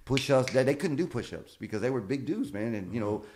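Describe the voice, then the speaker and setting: Male comedian guest, rapid-fire storyteller, profane, acts out quoted voices. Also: mid-range voice, a little hiss or hum. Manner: animated, acts out quoted dialogue, swears freely. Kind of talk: casual storytelling.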